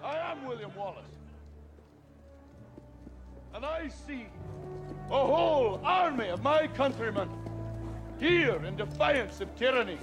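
A rebel chief rallying his army in a film clip, his voice soaring high and swinging widely as he builds to shouts. His delivery is drawn-out and deliberate. A film score swells clearly behind him, with hoofbeats. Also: lively intonation, exaggerated voice. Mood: rousing. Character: Scottish rebel leader rousing an army. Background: film music and horses.

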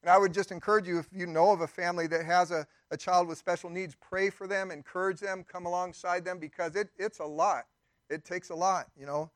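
High-voiced man preaching a sermon. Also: fairly even intonation, brisk, dry recording, studio quality. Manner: conversational preaching with emphatic rises and asides. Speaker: pastor.

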